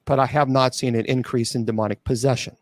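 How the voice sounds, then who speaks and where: A man's voice: medium pitch, steady tone, fast, dry recording, studio quality. A celibate clergyman taking viewer questions on a livestream, blunt and sarcastic, with frequent restarts and stumbles.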